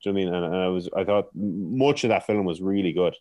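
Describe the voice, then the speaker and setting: A man's voice: low-pitched, racing, warm tone. A man co-hosting a casual film chat, enthusiastic, often asking "you know what I mean" and laughing. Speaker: podcast co-host reviewing films.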